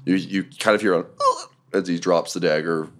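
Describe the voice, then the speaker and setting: A man narrating as game master of a tabletop game, relaxed, laughing and full of fillers. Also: low voice, normal speed.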